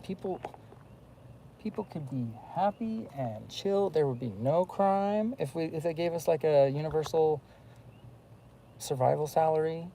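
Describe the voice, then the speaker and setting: Man talking to camera, gravelly dark voice, rambles with fillers, faint hiss behind. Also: on the high side, rough recording. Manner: rambling, many fillers and restarts. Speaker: vlogger. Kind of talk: rambling casual monologue.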